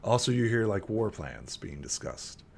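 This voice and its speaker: Man running a tabletop game, loose and rambling; lowish voice, faint rumble behind. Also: big pitch swings, normal speed, vocal fry. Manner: rambling, many fillers and restarts. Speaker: game master.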